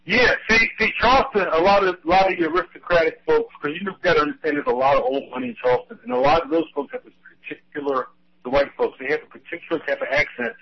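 Gravelly, husky man on a lo-fi line. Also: sits high, big pitch swings, fast. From Philadelphia. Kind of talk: casual radio conversation.

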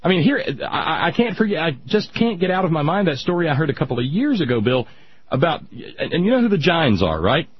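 A man hosting casual radio talk who rants loudly and slips into nerdy asides. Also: a little high, brisk, breathy edge. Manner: ranting, animated, nerdy asides. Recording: dull lo-fi radio sound.

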